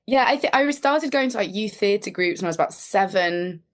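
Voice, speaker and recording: A woman's voice: mid-range voice, lively intonation, moderate pace. A woman, chatting as a comedy guest in a casual, self-deprecating way with lots of fillers. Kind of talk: casual interview chat.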